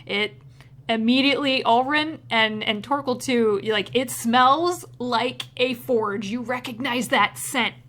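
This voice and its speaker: A woman narrating as game master of a tabletop game, relaxed with many fillers and frequent laughs. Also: fairly high pitch, unhurried.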